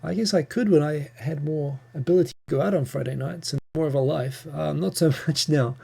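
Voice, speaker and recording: A man's voice: a little high, fairly quick, gravelly, warm tone, husky. A man with a New Zealand accent hosting a casual live Q&A, reading viewer questions and answering in a chatty, rambling way with frequent ums and restarts. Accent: New Zealand English.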